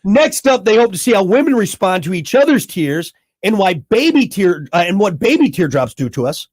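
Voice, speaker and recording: Guy radio host, kinda high voice, rambles and jokes through the news. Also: big pitch swings, normal speed, darkish tone. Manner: jokey, rambling, slips into mock macho rants. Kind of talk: morning radio banter.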